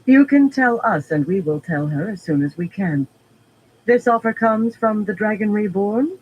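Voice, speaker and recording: Composed woman leader, smooth and controlled, pitched up by a man reader. Audiobook fantasy role. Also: lively intonation, moderate pace, muffled recording.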